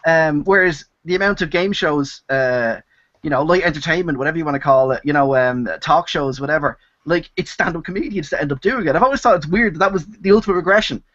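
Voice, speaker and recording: A man with a Dublin accent rambles through an anecdote on a group video call, restarting his sentences and leaning on "you know." His voice sits a touch high and sounds very bright. The sound is dry and muffled, like a headset on an online call. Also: quick pace, no room sound. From Ireland. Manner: rambling storyteller, many fillers and restarts. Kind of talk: casual video chat.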